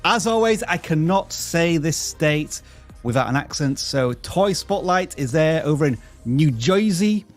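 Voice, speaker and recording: A man's voice: on the high side, animated, unhurried, soft background music. Chatty male livestream host. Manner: chatty, joking, reads out viewer names. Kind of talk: upbeat livestream chat.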